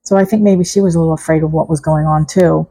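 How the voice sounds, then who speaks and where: A middle-aged woman vlogging to camera about her own experience, reflective and halting, with small restarts. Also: low-pitched, steady tone, mellow, rough recording. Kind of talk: personal vlog talk to camera.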